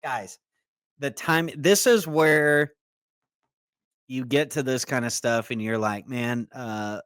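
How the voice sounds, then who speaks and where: A man's voice: medium pitch, slow pace, a bit bright, smooth, no echo, clean studio sound. A man co-hosting a political commentary podcast, reading news excerpts aloud and breaking into casual asides. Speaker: co-host.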